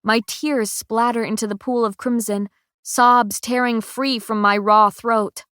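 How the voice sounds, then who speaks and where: A woman reads a first-person audiobook in an unhurried, deliberate way, with feeling behind each line. Her voice sits at a middle pitch. The recording is close and dry, with no room sound. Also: fairly even intonation, a bit bright, clean tone, no echo. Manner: measured, emotional narration. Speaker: audiobook narrator.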